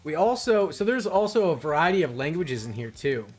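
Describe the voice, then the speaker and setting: A man's voice: on the high side, sing-song, fairly quick, darkish tone, faint music behind. A man hosting a live stream in casual talk, rambling and restarting his sentences often. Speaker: streamer host.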